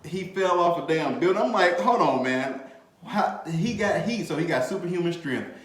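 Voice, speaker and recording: Man, podcast host, casual slangy chat, fairly high voice, roomy echo. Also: moderate pace. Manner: animated, laughing, swears freely, slangy. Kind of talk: casual movie review chat. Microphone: desk mic, bumped at times. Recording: echoey room.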